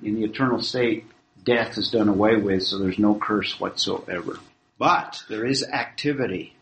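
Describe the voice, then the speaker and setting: A man teaching a Bible class in a measured, explanatory way, reading scripture aloud and taking questions. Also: lowish voice, fairly bright tone, slight background noise, rough recording. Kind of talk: classroom lecture.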